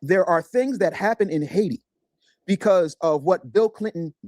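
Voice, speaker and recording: A man's voice: high-pitched, normal speed, a little mellow, dry recording, studio quality. A man on a discussion panel, making a firm argumentative case. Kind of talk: debate discussion.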